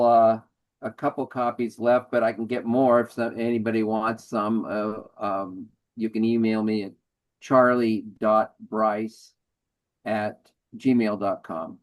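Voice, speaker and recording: A man's voice: mid-range voice, poor audio. A man in his seventies, a featured poet, giving a poetry reading in a dry, wry manner. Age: 70s. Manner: dry, wry delivery of humorous verse.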